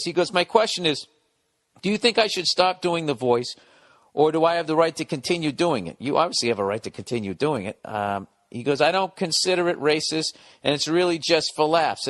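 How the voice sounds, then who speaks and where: Male podcast host, slightly high voice, dry close sound, reads letters and riffs bluntly with swearing. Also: expressive, brisk, a bit bright, dry recording. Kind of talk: casual comedic monologue.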